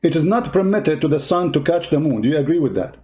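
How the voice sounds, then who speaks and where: A man's voice: fairly high pitch, expressive, fast, warm tone. A man hosting a heated live call-in debate, speaking. He mocks the caller and repeats his demands insistently. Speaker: debate show host.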